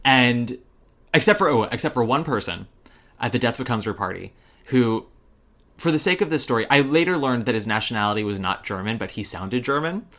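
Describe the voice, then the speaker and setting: A man hosting a podcast, telling gossipy stories in animated casual chat with quick laughs. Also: medium pitch. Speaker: podcast host.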